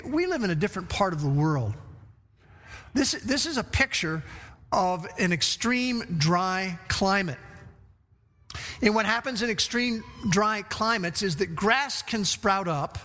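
A man preaching a sermon to a congregation in a church, animated, asking questions and repeating phrases for emphasis. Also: high voice. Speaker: pastor. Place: church sanctuary. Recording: long hall reverb.

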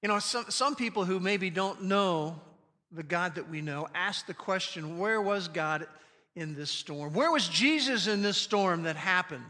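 A man preaching a sermon as pastor, speaking emphatically with slow, deliberate stresses on quoted scripture. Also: high voice, expressive, bright, forceful tone. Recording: long reverb of a large hall.

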